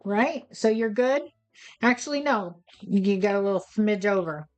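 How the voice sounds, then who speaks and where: A woman's voice: mid-range voice, lively intonation, measured pace, a little mellow, highs cut off, soft background music. A woman hosting a craft tutorial, chatty and playful as she talks viewers through each step. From United States. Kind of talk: casual step-by-step craft demonstration.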